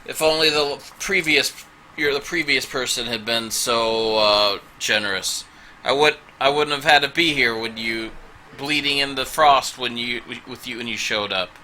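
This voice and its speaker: A man's voice: medium pitch, unhurried, sharp tone, slight background noise, voice pushed down, poor audio. A man doing a wounded, resentful captive.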